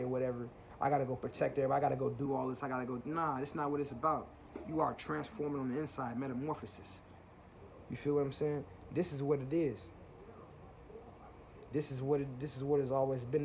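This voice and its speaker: A man's voice: a little high, darkish tone, a little hiss or hum. A man talking to camera in a casual spiritual monologue, preachy and profane, often asking if listeners feel what he's saying. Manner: preachy, repeats "you feel what I'm saying", swears freely. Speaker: channel host.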